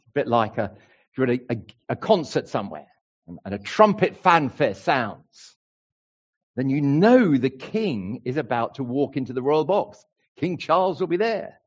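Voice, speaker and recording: A man's voice: mid-range voice, big pitch swings, normal speed, muffled recording. A man preaching a sermon to a congregation, emphatic and playful. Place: church hall with a congregation.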